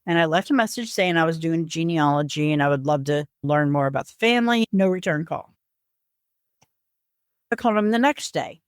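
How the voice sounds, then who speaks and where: A woman's voice: deep voice, a little fast, smooth, no room sound. Earnest woman telling a family story, dry sound. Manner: earnest, animated retelling with lively voiced quotes. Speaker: podcast guest. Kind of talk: personal storytelling in a podcast interview.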